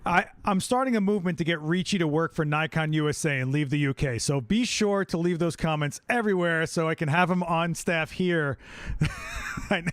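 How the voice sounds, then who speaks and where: A man hosts a casual live stream, talking in a chatty, animated way with quick asides. His voice sits fairly high. The sound is dry and close. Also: smooth, no room sound. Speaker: host of a photography chat stream.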